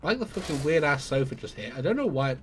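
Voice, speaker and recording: A man's voice: on the high side, big pitch swings, fast, slight background noise. A man streaming a game live, thinking aloud in a rambling way and swearing casually as he plays. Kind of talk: live gameplay commentary.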